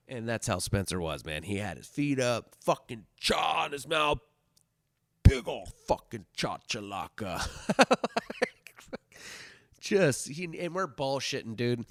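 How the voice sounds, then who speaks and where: A man hosting a podcast, telling a story in a loose, heavily swearing way, swinging from loud bursts to hushed asides. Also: mid-range voice, big pitch swings, takes it slowly, vocal fry, no room sound. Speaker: podcast host telling stories. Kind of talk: casual storytelling monologue.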